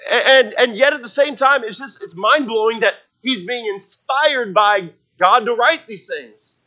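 A man's voice: extremely high pitch, unhurried, bright, forceful tone, poor audio. A man preaching a sermon in a conversational way, often repeating his words and acting out little stories. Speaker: pastor.

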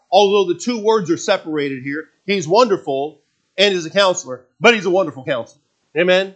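A man preaching a sermon as pastor, swinging between loud emphatic passages and quiet, confiding asides. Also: high voice, expressive, fairly quick.

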